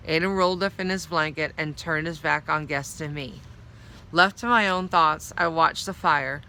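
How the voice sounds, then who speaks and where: A woman's voice: low voice, moderate pace, sharp tone. A woman reading a novel aloud, narrating steadily in the first person. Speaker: storyteller.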